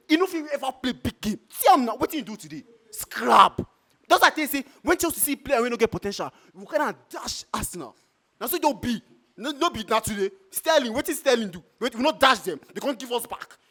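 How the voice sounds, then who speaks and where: A man's voice: very high-pitched, big pitch swings, quick pace, sharp tone. A man with a Nigerian Pidgin English accent, ranting in a heated, exasperated way as a football fan in a street reaction.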